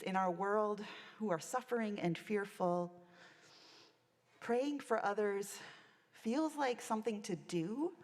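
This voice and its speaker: A woman minister giving a reflective sermon, telling a story from her chaplaincy work. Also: mid-range voice. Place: church sanctuary. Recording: long church reverb.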